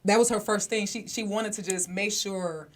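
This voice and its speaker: Speaking at a moderate pace with a steady tone and medium pitch, a female podcast co-host shares a personal story. She's candid and conversational, cursing openly and talking straight to her audience.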